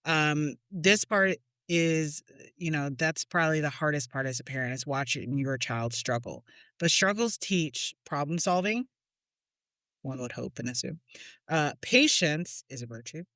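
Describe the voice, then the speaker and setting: Talk it out slowly like a mom sharing a funny story with friends, laughing along as you go, woman's voice, no room sound. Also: deep voice, lively intonation, fairly bright tone, no echo, clean studio sound. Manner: chatty storyteller, laughs often. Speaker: podcast co-host, mother. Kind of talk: casual parenting chat.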